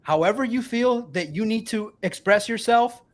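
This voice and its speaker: A man in his forties with a high-set voice holds forth in a casual sports podcast chat. He is emphatic, rambling and heavily profane, sounding a little tipsy from a couple of beers. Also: moderate pace. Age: 40s. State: a bit tipsy from beer.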